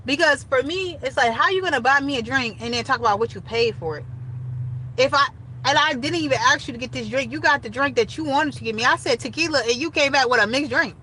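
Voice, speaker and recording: A young woman casually telling a story straight to her viewers, animated and chatty. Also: high voice, quick pace, a little hiss or hum, poor audio. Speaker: storytime vlogger.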